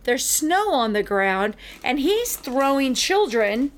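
A middle-aged woman hosting a podcast, telling a story in a casual, animated way and acting out the other people in it. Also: high-pitched, takes it slowly. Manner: animated, acts out the people in her stories.

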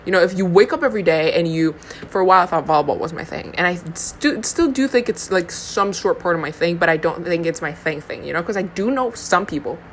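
A young woman from Honduras hosts a casual solo podcast, wandering from thought to thought with plenty of fillers and jokes at her own expense. Her voice sits on the low side, and a faint background hum sits under the recording. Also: lively intonation, fast talker. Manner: rambling, filler-heavy, self-deprecating. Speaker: podcast host.

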